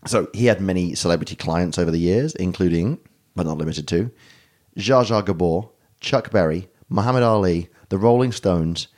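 Male podcast co-host, very low voice, loose jokey storyteller. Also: darkish tone. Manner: rambling, jokey, swears casually. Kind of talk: casual podcast chat.

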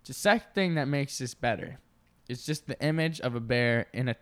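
A man's voice: medium pitch, normal speed, fairly bright tone, smooth. A man co-hosting a podcast, riffing in casual, profane comic chat and laughing often. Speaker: podcast co-host.

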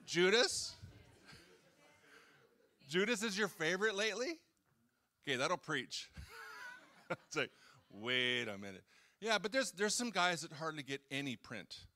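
A man's voice: a little high, very animated, a little slow, pauses often, sharp tone. A man preaching a casual, conversational sermon, joking with the congregation and acting out quotes. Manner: chatty, jokes and acts out quotes, talks with the audience. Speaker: pastor. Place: church hall.

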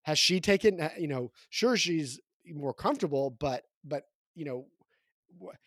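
Higher-voiced man rambling in casual chat. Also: lively intonation, fairly bright tone, no room sound, studio quality. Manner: rambling, halting, full of restarts and asides. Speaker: podcast co-host. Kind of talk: casual chat about a picture book.

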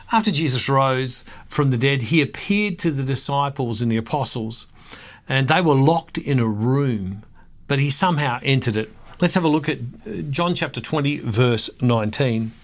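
Reflective man hosting a faith talk. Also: mid-range voice. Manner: reflective, reads scripture aloud with rising emphasis. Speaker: ministry host. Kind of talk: devotional talk with scripture reading.

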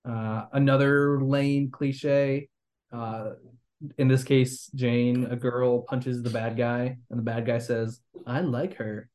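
A man's voice: medium pitch, level tone, takes it slowly, darkish tone. A young man hosting a podcast, rambling critically about a movie with lots of fillers and restarts. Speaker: podcast host. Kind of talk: casual movie review chat.

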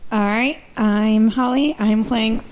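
Slow-speaking woman at the game table. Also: fairly high pitch, fairly even intonation, a little mellow, slight background noise, low-quality recording. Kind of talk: casual in-character introduction.

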